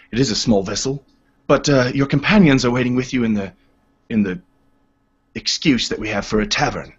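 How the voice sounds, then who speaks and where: A man voicing an excitable, chatty red-haired steward on a ship, talking quickly and jumping between thoughts, with a husky voice. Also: medium pitch, natural voice. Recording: dull lo-fi home recording.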